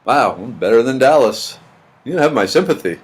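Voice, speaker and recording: Lively intonation and a breathy edge mark this mid-range male voice, moving at a moderate pace. He's a middle-aged livestreamer chatting casually, answering comments in a meandering style and repeating words.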